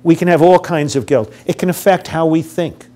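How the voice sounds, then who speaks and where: A man's voice: a little high, normal speed, warm tone. An older man giving a public lecture on grief to a live audience, speaking conversationally, asking the audience questions and acting out what grieving people say.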